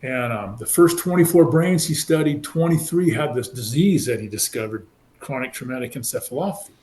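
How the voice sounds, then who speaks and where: A man in his sixties from California, a former football player telling his story in an animated way and acting out the people he quotes. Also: mid-range voice, fairly quick. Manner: animated, acts out quoted voices. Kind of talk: casual storytelling interview. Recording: roomy echo.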